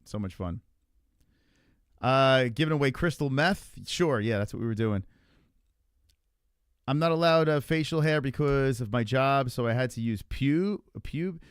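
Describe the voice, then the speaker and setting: A man's voice: medium pitch, moderate pace, clear, resonant tone, no room sound, clean studio sound. A man hosting a livestream, chatting casually and reading the chat in a rambling, profane way. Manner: rambling, loose and swearing a lot.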